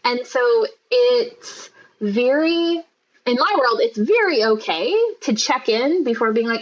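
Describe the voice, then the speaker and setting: Female podcast guest, fairly high voice, lively storyteller, muffled lo-fi sound. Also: slow. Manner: storytelling, acts out quoted voices. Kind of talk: casual podcast chat.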